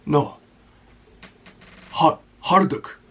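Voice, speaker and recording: A man's voice: extremely slow, a bit bright. A man putting on a pushy male store boss with an Indian accent, asking over and over. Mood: insistent. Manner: pleading, repetitive.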